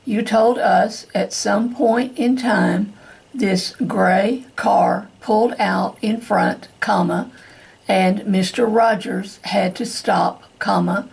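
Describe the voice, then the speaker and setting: A woman reading a question-and-answer transcript aloud as dictation practice, speaking every punctuation mark in a slow, deliberate, even way. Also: mid-range voice, creaky, husky. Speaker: dictation reader for court reporting practice.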